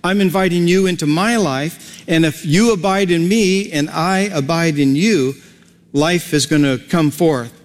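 Pastor, male, slightly high voice, relaxed folksy sermon delivery, hall reverb. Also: measured pace. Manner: folksy, conversational preaching with homely examples.

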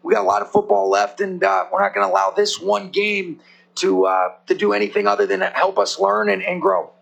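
Gravelly flat-voiced guy, measured talk, muffled dull clip. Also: high voice.

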